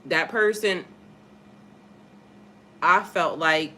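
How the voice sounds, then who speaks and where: A woman's voice: fairly low pitch, very slow, pushed and bright, a little hiss or hum. A woman, a spiritual life coach, telling a personal story on a casual livestream in a candid, profane way and greeting viewers in the chat.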